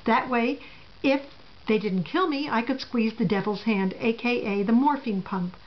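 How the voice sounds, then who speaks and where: A woman's voice: on the high side, moderate pace. A middle-aged woman telling a first-person story in a wry, sarcastic manner, heard on a dull lo-fi recording.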